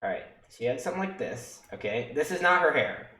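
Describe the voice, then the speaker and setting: A man's voice: medium pitch, sing-song, fairly quick, sharp tone. A young man working in EMS, rambling through stories in a casual, profane way and often checking in with "okay?" and "right?". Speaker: EMS worker telling stories on stream. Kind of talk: casual storytelling on a livestream. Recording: echoey room.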